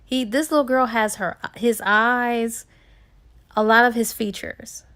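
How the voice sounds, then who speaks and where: A woman's voice: on the high side, steady tone, measured pace, a bit bright, smooth. A woman casually retelling a novel's plot for a book review, chatty and full of "he was like" and "or whatever.". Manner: chatty, filler-heavy with "he was like".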